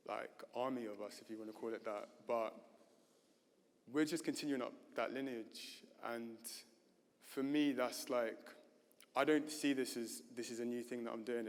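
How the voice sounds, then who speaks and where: A man talks at a gallery panel, feeling his way through each thought with frequent fillers and self-corrections. His pitch stays fairly flat and even. The sound carries a long reverb from a large hall. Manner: hesitant, many fillers and restarts. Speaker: panel speaker. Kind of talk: unscripted panel talk. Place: gallery event stage.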